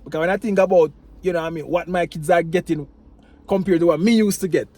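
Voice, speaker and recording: A Jamaican man vlogs outdoors, talking casually and rambling to his viewers while often repeating "you know what I mean" and "family." His voice is a little high and he talks fast, with loud street and traffic noise around him.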